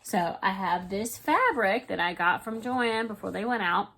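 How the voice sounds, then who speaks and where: Woman, crochet vlogger, casual chat, excitable, rambling, mid pitch. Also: moderate pace. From Florida, US. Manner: excitable, rambling, talks to viewers as y'all.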